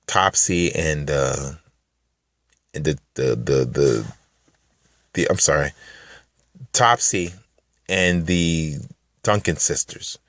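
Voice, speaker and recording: Man, very deep voice, profane rambling vlog rant, restarts and fillers, mutters then emphatic bursts, dry close sound. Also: no room sound. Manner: shifts between low mutters and raised, emphatic bursts. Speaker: vlogger. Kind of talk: unscripted ranting monologue to camera.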